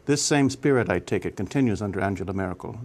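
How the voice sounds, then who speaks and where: A man's voice: lowish voice, animated, quick pace, darkish tone. A man hosting a policy interview, asking long questions and often adding short agreeing sounds. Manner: frequent brief backchannel agreement. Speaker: interview host.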